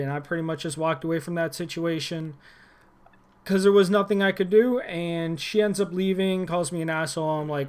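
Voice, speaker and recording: A man's voice: fairly high pitch, steady tone, normal speed, clear, resonant tone. A young man ranting about a former job in a rambling, irritated way, with frequent restarts and fillers. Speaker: former gym employee. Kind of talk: casual vlog rant.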